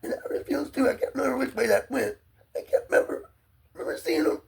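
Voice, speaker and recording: Gravelly man rambling to camera. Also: extremely high pitch, animated, quick pace. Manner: rambling, profane, emotionally volatile. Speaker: vlogger. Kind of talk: rambling personal monologue to camera.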